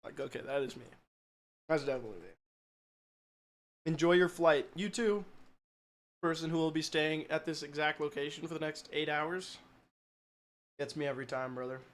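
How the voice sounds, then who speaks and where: A man's voice: fairly high pitch, a little fast, a bit bright. A man streaming live, chatting casually, poking fun at himself and answering his chat. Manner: joking, self-mocking, reacts to chat.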